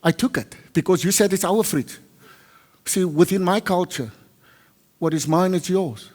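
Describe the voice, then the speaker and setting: Casting: South African male preacher, a little high-voiced, storytelling sermon, big hall echo. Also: measured pace. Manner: switches between Afrikaans and English, acts out dialogue loudly. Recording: long hall reverb.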